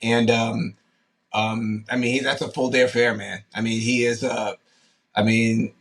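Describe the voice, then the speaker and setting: Unhurried and medium-pitched, a man in his fifties who used to play pro football recounts lively stories in a casual interview. He uses many fillers and often restarts his sentences.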